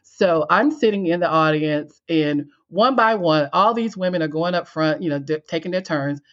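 A woman's voice: sits low, moderate pace, lo-fi sound. A woman guest telling her personal story in an interview. She acts out her own past lines and laughs as she tells it. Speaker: guest, coach and speaker.

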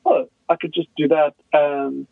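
A man as a guest expert, explaining in a casual, animated way and acting out quoted dialogue. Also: fairly high pitch, a little slow, creaky, dry recording. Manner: animated storyteller who acts out quoted dialogue. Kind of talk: conversational podcast explanation. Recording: tinny phone line, dry.

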